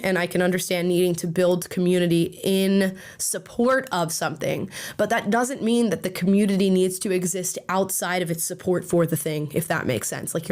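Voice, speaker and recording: Slightly hoarse, chatty young woman. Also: lowish voice. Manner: chatty, rambling with many fillers. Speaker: host. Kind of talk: casual livestream commentary.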